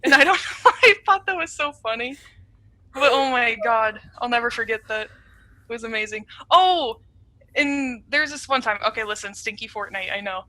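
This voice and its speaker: A woman's voice: a little high, moderate pace, dry recording. A young woman telling funny stories in a casual chat over a video call, laughing often. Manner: giggly, animated storyteller. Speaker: interview guest.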